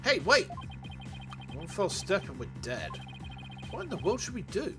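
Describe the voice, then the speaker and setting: A man's voice: high-pitched, huge pitch swings, a little slow, music in the background, pitched above the performer's own voice, heavily acted. A man voicing an earnest, jumpy young male defense attorney in a video game, asking anxious questions. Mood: alarmed.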